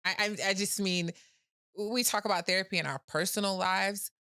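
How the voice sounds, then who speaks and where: A woman's voice: mid-range voice, steady tone, normal speed, sharp tone, clear, resonant tone, dry recording, clean studio sound. Candid woman business owner guest. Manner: candid, laughs often, repeats words as she starts sentences. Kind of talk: casual podcast conversation.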